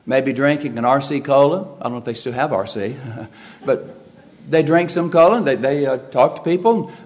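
A man preaching a sermon, stressing and repeating key phrases, moving between forceful emphasis and quieter explanation. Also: a little high.

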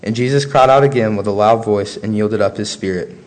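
A man preaching a sermon, reading scripture aloud in a measured, earnest way between his own remarks. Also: fairly low pitch, darkish tone.

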